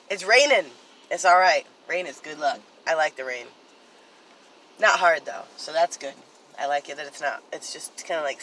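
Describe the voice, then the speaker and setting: A woman chatting excitedly to viewers in a casual vlog, talking straight to the camera about her finds. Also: fairly low pitch, a little hiss or hum, poor audio. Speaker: vlogger. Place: in a car, rain outside.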